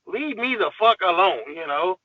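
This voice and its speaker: A man's voice: high-pitched, animated, moderate pace, no room sound, phone-quality sound. A man guest on a podcast, ranting in a heated, profane, emphatic way in casual talk.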